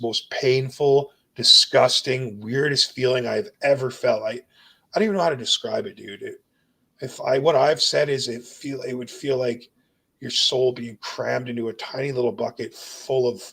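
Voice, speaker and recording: In a mid-range, gravelly voice that's fairly bright with a breathy edge, a young guest talks a little slowly through his brush with death. The storytelling is intense and earnest, a piece of emotional testimony in casual speech peppered with "bro" and "dude."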